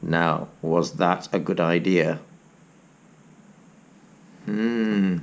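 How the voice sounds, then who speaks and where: A male teacher reading a picture book aloud to young children, animated and inviting them to join in with sounds. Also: deep voice, drawn-out words, slight background noise.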